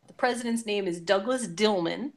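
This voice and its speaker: A woman's voice: medium pitch, moderate pace. A woman on a podcast panel, chatting casually and enthusiastically with some fillers.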